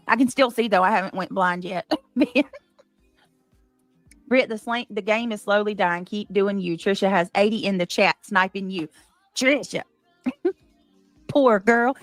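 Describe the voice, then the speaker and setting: A woman's voice: mid-range voice, unhurried, pauses often, no room sound, faint music behind. A woman hosting a livestream, chatting casually, reading chat comments aloud and laughing often. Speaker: livestream host.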